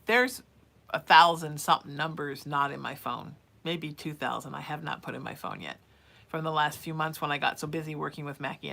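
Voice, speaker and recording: A woman's voice: low-pitched, gravelly, bright, forceful tone. A middle-aged woman giving casual psychic advice on a live stream, chatty and calling viewers sweetie. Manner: reads viewer messages aloud then answers.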